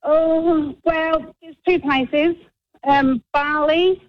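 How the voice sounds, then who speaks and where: A woman's voice: sits high, fairly even intonation, drawn-out words, dry recording, highs cut off. A woman with an Australian accent calling in to a radio show, friendly and chatty. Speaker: caller.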